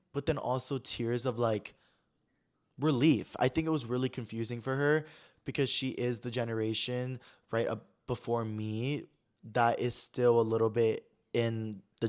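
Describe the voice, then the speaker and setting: A young man in his twenties from Connecticut hosts a casual podcast. He speaks candidly and chattily, filling his sentences with "like" at a middle pitch. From Connecticut, USA. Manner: candid, chatty, heavy use of "like". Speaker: podcast host. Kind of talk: casual storytelling chat.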